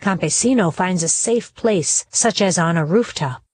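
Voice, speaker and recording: A woman's voice: on the low side, measured pace. A woman reading a children's play aloud, including the stage directions. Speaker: reader.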